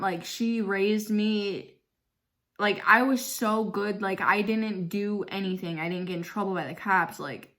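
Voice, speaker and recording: A woman's voice: mid-range voice, sharp tone. A young woman telling a personal story to her vlog audience, blunt and outspoken, swearing freely and saying "like" constantly. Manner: fills speech with "like", swears freely. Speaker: vlogger. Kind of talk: casual storytime.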